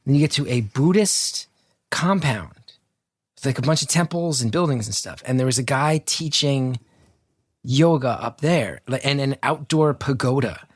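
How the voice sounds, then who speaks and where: Man, podcast co-host, animated storyteller, mid pitch, acts out quotes, dry close sound. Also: normal speed, slightly rough, dry recording. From North Jersey. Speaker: guest co-host. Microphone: video call.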